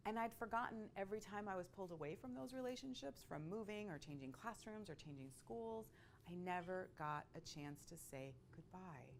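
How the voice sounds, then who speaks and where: A woman telling a personal story in a conversational, expressive way, with frequent asides to her listeners. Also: mid-range voice, normal speed, slight background noise. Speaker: speaker sharing a personal story.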